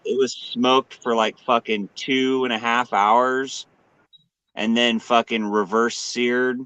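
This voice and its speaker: Man, sharp bright tone, dry close sound, enthusiastic, swears a lot. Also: mid-range voice, little pitch movement, slow, clear, resonant tone, dry recording, lo-fi sound. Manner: profane, enthusiastic storytelling. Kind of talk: casual chat.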